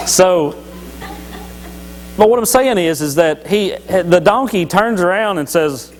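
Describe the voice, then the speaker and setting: A man with a fairly high voice gives a folksy church talk, joking as he retells Bible stories. He restarts his sentences often, with faint noise underneath. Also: lively intonation, takes it slowly, long pauses, rough recording. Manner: joking, storytelling, many restarts. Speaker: lay church speaker.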